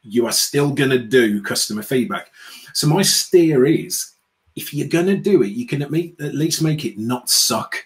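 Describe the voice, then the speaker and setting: A British man speaking as an interview guest, outspoken and sarcastic, with a middle pitch for a man. He keeps slipping into mocking quotes of other people as he makes his points. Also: animated, normal speed, low-quality recording. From United Kingdom. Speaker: guest, customer experience speaker. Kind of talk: animated interview chat.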